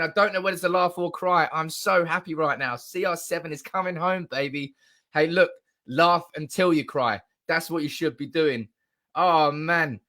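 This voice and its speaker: A young man hosts a live fan stream, his voice sitting a little high. He is giddy and loud, swearing freely and laughing as he reads viewers' comments aloud into his desk mic. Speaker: fan channel livestream host. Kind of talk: excited live-stream reaction.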